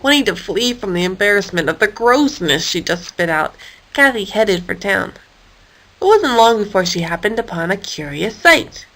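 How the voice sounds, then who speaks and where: A woman reading a children's story aloud in a playful, expressive manner. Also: medium pitch, normal speed, low-quality recording. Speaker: storyteller for a homeschool course. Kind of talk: storybook read-aloud narration.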